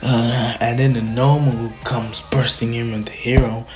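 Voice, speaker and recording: A man's voice: mid-range voice, level tone, unhurried. A young man casually retelling a story, rambling and leaning on "he's like". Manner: rambling, uses "he's like" a lot.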